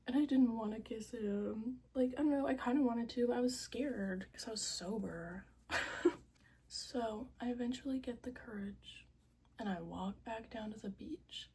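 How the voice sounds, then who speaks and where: A woman's voice: fairly high pitch, moderate pace, mellow, slightly rough. A woman in her twenties telling a storytime vlog, chatty and full of fillers, swearing casually and often dropping to a whisper. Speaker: vlogger.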